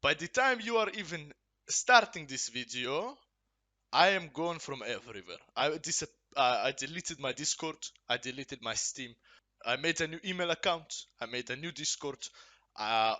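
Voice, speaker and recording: A man's voice: mid-range voice, sharp tone. A young man from Ukraine, talking candidly and profanely to camera in a casual confessional vlog at home. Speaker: gamer.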